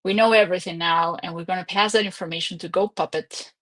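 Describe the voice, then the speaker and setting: A woman's voice: fairly low pitch, steady tone, quick pace, fairly bright tone. A young woman hosting a casual livestream from home, chatty and rambling, laughing often. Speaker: livestream host.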